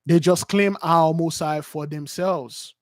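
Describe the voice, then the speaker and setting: A man's voice: a little high, fairly even intonation, slow pace, no room sound, clean studio sound. A man preaching with passion, acting out quoted voices, with many fillers and restarts. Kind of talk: impassioned religious teaching.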